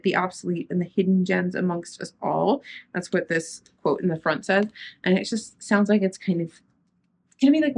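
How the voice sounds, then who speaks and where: A young woman vlogger chatting casually through her book haul, rambling and trailing off with fillers. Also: medium pitch.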